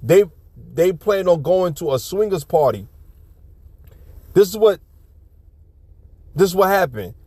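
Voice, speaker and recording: A man's voice: high voice, animated, a little slow, pauses often, dark tone, no room sound. A man giving casual ranting commentary on a video clip, blunt, profane and preachy, often restarting his sentences.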